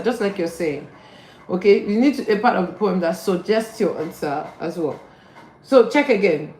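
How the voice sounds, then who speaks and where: A woman teaching an online group class, correcting and prompting students in a direct, brisk way over a video call. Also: mid-range voice, a little mellow. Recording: echoey room, faint background noise.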